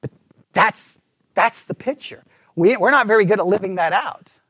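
A man delivering a sermon with emphasis, putting rhetorical questions to his listeners and sometimes dropping to a hushed, low delivery. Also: normal speed, slightly rough, no echo. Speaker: preacher.

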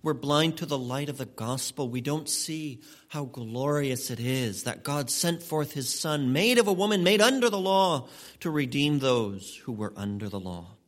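A man's voice: mid-range voice, lively intonation. A male pastor preaching a sermon, pressing his points with strong emphasis and shifting pace. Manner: emphatic preaching, speeds up and slows down for stress.

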